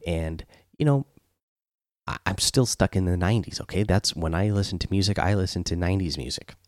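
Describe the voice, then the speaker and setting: A man's voice: low-pitched, a little fast, a little mellow, no echo, studio quality. A middle-aged man hosting a podcast alone, chatting casually through the news with lots of fillers and restarts. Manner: rambling, many "uh" fillers and self-corrections. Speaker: podcast host. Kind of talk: casual solo news chat.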